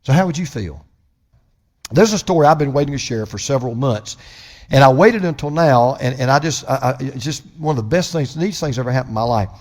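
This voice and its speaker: A man preaching a sermon as pastor, impassioned, swinging from loud proclamation to hushed storytelling. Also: mid-range voice, lively intonation, brisk.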